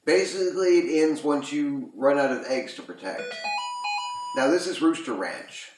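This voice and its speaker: A man's voice: fairly high pitch, lively intonation, normal speed, over music. A man casually reviewing a retro video game, rambling with lots of ums and uhs. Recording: roomy echo.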